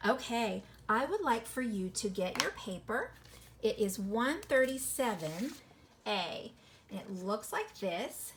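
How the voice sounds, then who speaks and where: A woman teaching a phonics lesson to children, encouraging and sounding words out slowly syllable by syllable. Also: fairly high pitch, big pitch swings, background noise. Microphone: recorded video lesson.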